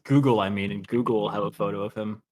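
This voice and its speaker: A man's voice: fairly low pitch, fairly even intonation, quick pace, a little mellow. Laid-back, teasing male esports co-caster. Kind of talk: live esports stream commentary.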